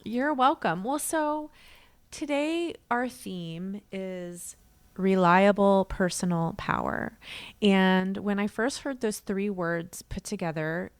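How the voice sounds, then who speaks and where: A woman in her thirties hosting a podcast interview, speaking softly and often dropping to a near whisper. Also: mid-range voice, takes it slowly, smooth. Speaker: podcast host, inner voice coach.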